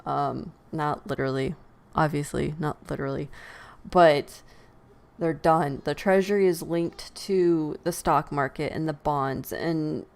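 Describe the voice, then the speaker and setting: Low gravelly woman ranting. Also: unhurried. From United States. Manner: animated, laughs often, sighs. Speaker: podcast host. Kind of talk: opinionated casual commentary.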